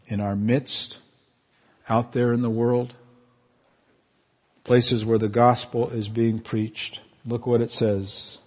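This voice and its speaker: A pastor preaches a fervent, emotional sermon in a darkish tone. At moments of strong feeling, his voice climbs high.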